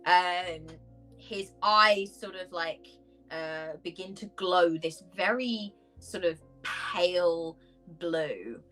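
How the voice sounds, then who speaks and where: Woman game master, slow and halting, heavy on fillers, quiet music underneath. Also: fairly low pitch, low-quality recording. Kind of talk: narrating a tabletop game. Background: faint background music.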